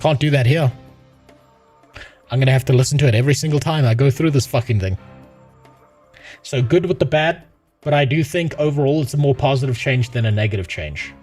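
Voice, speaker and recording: A man's voice: mid-range voice, brisk, pauses often, a little mellow, faint music behind. A man ranting on a live stream about a game, profane and sarcastic. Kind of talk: casual live-stream rant.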